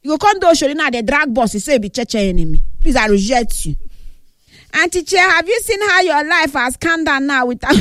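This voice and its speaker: A woman radio host with a Nigerian accent, teasing and laughing loudly as she reads out listener messages in lively banter. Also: sits high, brisk, no room sound, studio quality. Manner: laughing, teasing, loud and animated. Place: radio studio.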